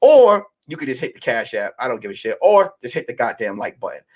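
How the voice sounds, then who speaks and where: A man in his late thirties hosting a casual monologue for his listeners, telling stories in a loose, animated way and swearing freely. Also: mid-range voice, quick pace. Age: late 30s. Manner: profane, animated storytelling. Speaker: podcast host.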